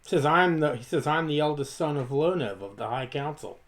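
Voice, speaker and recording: A man playing a tabletop role-playing game, speaking his dwarf character's lines with halting restarts. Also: a little high, expressive. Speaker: player.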